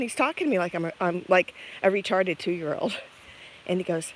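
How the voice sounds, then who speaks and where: A woman's voice: on the low side, moderate pace. A woman vlogger telling a rambling story while feeding chickens outdoors on a farm, laughing often. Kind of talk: casual storytelling while doing farm chores. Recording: outdoor recording with clear background noise.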